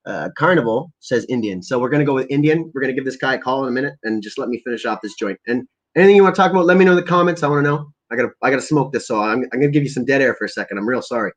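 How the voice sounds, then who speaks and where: A man's voice: mid-range voice, lively intonation, very fast, few pauses. A man hosting a casual livestream, ranting about politics in profane, rambling bursts and reading out viewer comments. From Canada. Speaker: livestream host.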